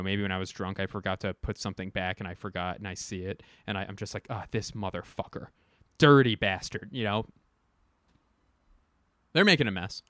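A young man delivering a rambling, profane, self-deprecating comic monologue, stumbling over restarts and jumping into sudden loud bursts. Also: on the low side, smooth, no echo, clean studio sound. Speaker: comedian. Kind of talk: stand-up style comic monologue.

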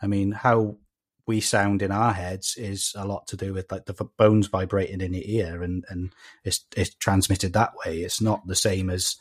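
A man with a fairly low voice chats as a podcast guest, thinking aloud. His talk rambles, full of fillers and restarts, and stays relaxed and conversational. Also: normal speed. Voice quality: rambling, thoughtful, many "you know" fillers. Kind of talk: casual podcast chat.

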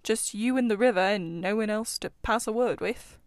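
A woman's voice: mid-range voice, moderate pace, dry recording, studio quality, close to an everyday voice. A woman voicing a timid, wide-eyed male mole, new to the river, in an eager, nervous storybook reading.

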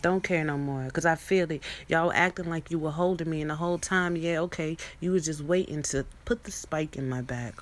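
A woman's voice: sits low, a little fast, hardly any pauses. A young woman in a rambling, profane monologue, preaching at her viewers with many restarts and asides. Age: young adult.

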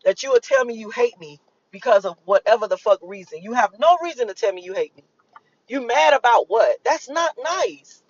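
A woman's voice: on the high side, lively intonation, brisk, a little mellow, no room sound, highs cut off. Woman in a rambling, profane monologue. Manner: rambling, emphatic and profane, with repetitions. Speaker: vlogger giving a spiritual channeling reading. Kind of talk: casual spoken monologue.

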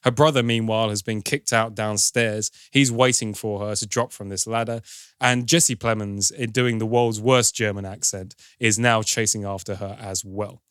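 A man's voice: fairly low pitch, steady tone, moderate pace, a bit bright, clean tone, dry recording, clean studio sound. A man hosting a podcast, casually recounting a film's plot in a wry, lightly sardonic storytelling manner. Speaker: podcast host recapping a film. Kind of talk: casual film recap chat.

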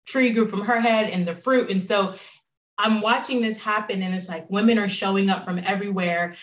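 Appearing as an interview guest, a woman tells her personal story in an earnest, reflective way, growing lively whenever she quotes herself. Her mid-range voice moves at normal speed, ringing slightly in a roomy, echoing space, with the highs cut off.

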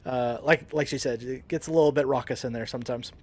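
A man hosting a podcast, chatting casually and laughing often, in a relaxed, joking way. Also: medium pitch, fast. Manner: laid-back, jokey, laughs often. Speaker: podcast host. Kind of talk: casual chat.

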